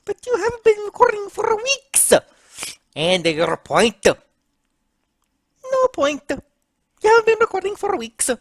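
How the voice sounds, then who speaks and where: A woman's voice: wildly swooping pitch, slow pace, pauses often, slight background noise, exaggerated voice. A woman voicing Mario as a bossy older plumber brother who nags and scolds during in-character gameplay commentary. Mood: scolding. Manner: bossy, scolding, shrill nagging. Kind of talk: let's play commentary in character.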